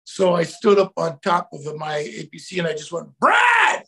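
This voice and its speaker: Middle-aged male guest, gravelly and fairly high, animated storyteller who shouts out his quotes. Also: moderate pace. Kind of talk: casual storytelling.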